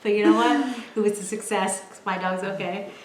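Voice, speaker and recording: A woman in her twenties telling stories from home in a casual chat, animated and laughing, with lots of filler "like". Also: medium pitch, brisk. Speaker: vlogger, storyteller. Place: at home, in a room. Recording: roomy echo.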